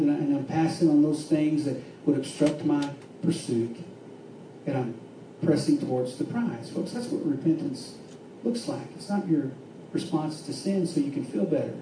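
A man preaching a sermon, swinging between fervent shouts and hushed, quiet stretches. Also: fairly high pitch, a little hiss or hum. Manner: impassioned preaching with rising shouts and hushed drops. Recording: echoey room from far off with faint ambience.

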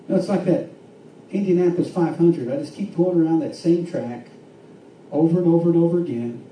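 A man preaching a sermon, swinging between fervent shouts and hushed, quiet stretches. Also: fairly high pitch, moderate pace, pauses often, slight background noise. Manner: impassioned preaching with rising shouts and hushed drops. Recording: echoey room from far off with faint ambience.

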